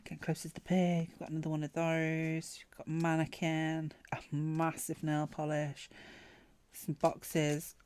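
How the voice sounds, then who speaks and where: A woman chatting casually through a planner sticker unboxing, gushing and excitable, often trailing off mid-sentence. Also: low voice, measured pace, smooth. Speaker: planner vlogger.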